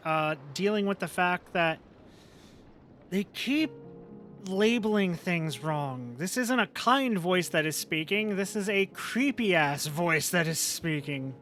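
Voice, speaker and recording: A man's voice: high-pitched, takes it slowly, a bit bright, soft background music. A man streaming a game, chatting casually and sounding exasperated as he reacts to it. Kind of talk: casual live-stream commentary.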